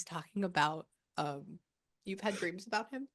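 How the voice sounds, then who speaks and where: A woman working as a medium, passing on a spirit's messages in a casual, chatty way with many pauses. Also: lowish voice, fairly bright tone. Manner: relays a spirit's words with quick asides and pauses. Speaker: psychic medium. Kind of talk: spirit reading session.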